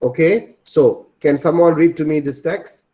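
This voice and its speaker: A man teaches an online class over a video call. His voice sits a touch higher than most men's. He repeats his points and keeps putting questions to his students. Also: a little slow, mellow.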